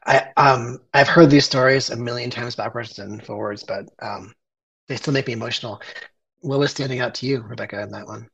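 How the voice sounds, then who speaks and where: A man in his forties talks through his photo project, earnest and openly emotional, pausing on fillers as he goes. His voice is slightly husky and sits at a middle pitch. The audio is a bit dull. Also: fairly even intonation, fairly bright tone. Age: 40s. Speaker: photographer presenting a portrait project. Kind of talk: conversational presentation.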